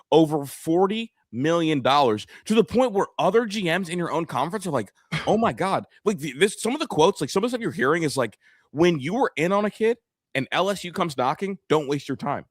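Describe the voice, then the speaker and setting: A chatty man co-hosts a casual sports podcast, asking his partner questions and reacting with excitement. His voice sits a bit high for a man. The recording is dry, with almost no room sound. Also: moderate pace, no echo.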